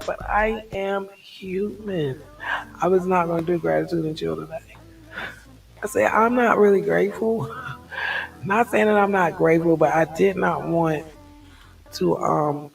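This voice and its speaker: A woman's voice: sits low, gravelly, slightly rough, far from the mic, low-quality recording. A woman vlogger talking frankly in a rambling reflective monologue, laughing things off to release stress.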